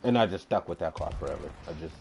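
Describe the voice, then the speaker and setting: A man's voice: extremely low pitch, fast talker, creaky, noisy background. Rambling man streaming a shooter game. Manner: rambling, swears, animated rants. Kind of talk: casual gaming chat.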